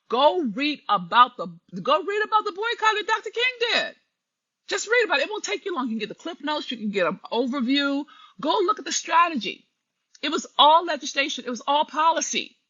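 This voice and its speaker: Woman commentator, preachy live-stream delivery, slightly husky tone. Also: high-pitched, sharp tone. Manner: preachy, emphatic, addresses listeners directly. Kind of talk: impassioned live stream monologue. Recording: dull lo-fi live stream audio.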